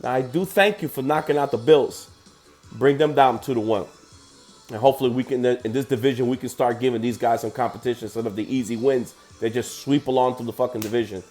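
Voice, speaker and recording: A man's voice: medium pitch, a little fast, darkish tone, soft background music. A man hosting a sports podcast, ranting heatedly and profanely about football results.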